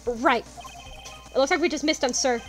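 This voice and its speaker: A woman's voice: sits high, normal speed, faint music behind, close to an everyday voice. A woman voicing a clumsy, loyal male police detective in a courtroom game, talking in an apologetic, folksy way. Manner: apologetic, folksy, says "pal".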